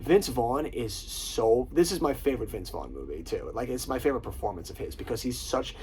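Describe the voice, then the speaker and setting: Gravelly-voiced man, profane and excited. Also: medium pitch, brisk, slight background noise, low-quality recording. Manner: profane, enthusiastic, quotes lines in put-on voices. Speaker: host. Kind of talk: casual movie countdown commentary.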